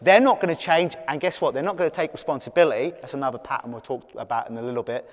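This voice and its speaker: A middle-aged man, a hypnotist, giving a blunt, animated live talk to an audience. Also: medium pitch, rapid-fire, in a large hall. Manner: blunt, animated, laughs at own points. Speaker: clinical hypnotist.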